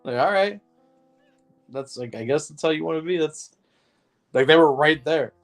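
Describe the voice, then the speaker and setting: A man's voice: fairly high pitch, normal speed, faint music behind. Joking, foul-mouthed podcast co-host man. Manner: profane, joking, laughs often. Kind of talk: casual chat.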